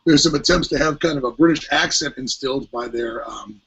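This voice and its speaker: Husky guy on a podcast mic, rambly and full of ums, kinda muffled lo-fi audio. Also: mid-range voice, a little fast, fairly bright tone. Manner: rambling, hesitant, many fillers. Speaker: podcast co-host. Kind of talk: casual podcast discussion. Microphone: headphones with mic at home.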